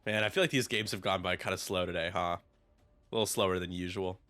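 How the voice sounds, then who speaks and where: A man giving joking, quick play-by-play commentary on a tabletop game during a casual live stream. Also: low-pitched, steady tone, fairly bright tone, soft background music.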